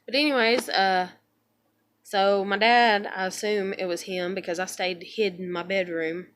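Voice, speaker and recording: A woman's voice: mid-range voice, fairly even intonation, a little slow, a bit bright. A woman venting in a blunt, profane, rambling monologue at home, a mother and vlogger.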